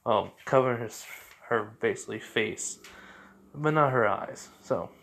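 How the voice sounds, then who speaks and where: A man's voice: mid-range voice, unhurried, gravelly, fairly bright tone, slight background noise. Rambling male fan-fiction storyteller. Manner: rambling, many fillers and self-corrections. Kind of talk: improvised fan-fiction retelling.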